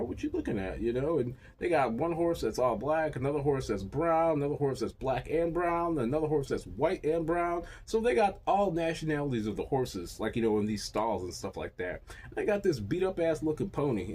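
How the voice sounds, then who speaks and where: A man telling a crude, rambling stand-up story, full of profanity. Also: breathy edge. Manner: crude, profane and rambling, with lively pitch swings. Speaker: comedian.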